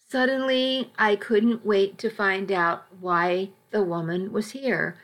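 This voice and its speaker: Woman narrator for a first-person audiobook, unhurried and even, mid-range voice. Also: medium pitch. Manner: measured, even storytelling delivery.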